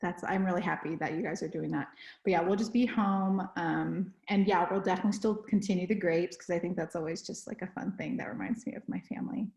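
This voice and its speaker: A young woman chats on a home podcast, rambling and correcting herself as she goes. Her voice sits on the low side with a gravelly fry. The room adds a noticeable echo around her. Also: steady tone, fast, darkish tone. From Texas. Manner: rambling, lots of fillers and self-corrections. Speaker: podcast co-host. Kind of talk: casual chat.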